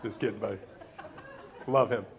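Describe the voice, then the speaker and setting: A man's voice: lowish voice, normal speed, breathy edge. A man preaching a sermon as pastor, joking with the congregation and asking them questions. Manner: lively, joking banter with the congregation; asks the audience questions and urges them to repeat after him.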